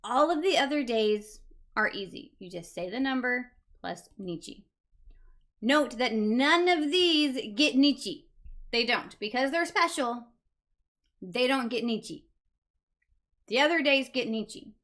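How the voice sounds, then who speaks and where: A woman's voice: a little high, lively intonation, measured pace, fairly bright tone. A woman teaching a beginner Japanese lesson, patiently repeating each word for learners. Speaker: language teacher.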